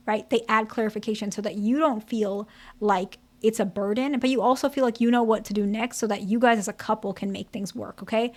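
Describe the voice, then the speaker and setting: A woman's voice: mid-range voice, fairly even intonation, fairly quick, a little mellow. A candid therapist woman explaining things. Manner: conversational, checks in with "okay?" and "right?"; candid, direct. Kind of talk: explaining to camera.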